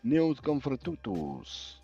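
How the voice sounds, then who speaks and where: A man co-hosting a casual live-stream podcast, briskly reading out viewer predictions. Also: medium pitch, sing-song, creaky, warm tone, slightly rough, no room sound, soft background music. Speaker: podcast co-host. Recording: dull, dry lo-fi sound.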